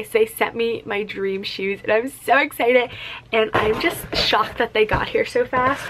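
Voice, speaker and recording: A woman's voice: on the high side, a bit bright, a little hiss or hum. A young woman chatting casually to camera in a vlog, bubbly and gushing, often saying "you guys" and "like". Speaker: vlogger.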